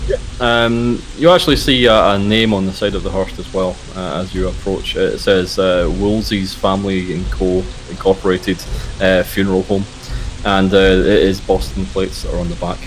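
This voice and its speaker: Low-voiced man running a horror game. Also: moderate pace, low-quality recording. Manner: relaxed, hesitant with frequent uhs. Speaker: game master. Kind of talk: narrating a tabletop horror game.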